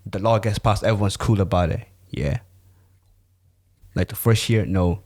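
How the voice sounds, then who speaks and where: A man's voice: fairly low pitch, normal speed, a little mellow. A man co-hosting a podcast in loose, rambling, slangy casual chat. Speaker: podcast co-host.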